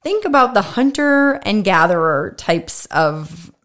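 A woman's voice: mid-range voice, big pitch swings, unhurried, fairly bright tone. A woman doctor co-hosting a podcast in casual chat, teasing her co-host and laughing often as she explains.

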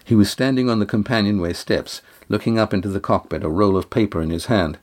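A man narrating a sailing adventure novel in an even, unhurried way. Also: fairly low pitch. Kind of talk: audiobook narration.

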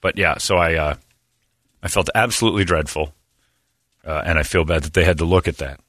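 A man's voice: deep voice, brisk, a bit bright, no echo, studio quality. A man hosting a radio show, telling a story in a casual, self-mocking way. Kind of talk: casual morning-show chat.

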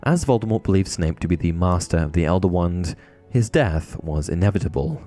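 A man narrating passages from a book and commenting on them in a steady storytelling voice. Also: low-pitched, brisk. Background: faint background music.

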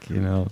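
A man hosts a casual football podcast chat in a jokey way, laughing often and trailing off mid-sentence.

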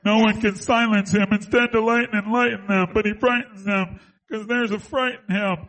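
A high, nasal voice, squeezed through a plugged nose, as a man puts it on for laughs. He recites his lines in slow, earnest drama. It plays like a mock-serious radio bit. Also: fairly even intonation, fairly bright tone, rough recording. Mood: mock dramatic. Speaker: radio show co-host. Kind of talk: comic impression on a radio show.

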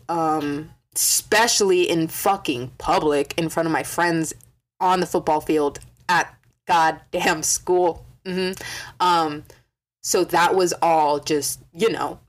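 A young woman telling a story in a casual vlog, swearing a lot and acting out quotes with animated energy. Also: deep voice. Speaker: vlogger.

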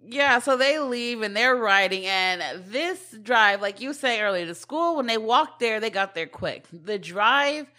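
Woman co-host, bright tone, casual recap talk, quick to laugh. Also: a little high, expressive. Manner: laughs often, retells scenes with quoted lines. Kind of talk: casual chat recapping a film.

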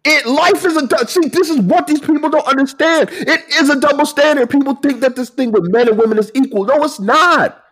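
A man co-hosting a casual talk, emphatic and animated, repeating his points. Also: very high-pitched, brisk. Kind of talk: casual chat.

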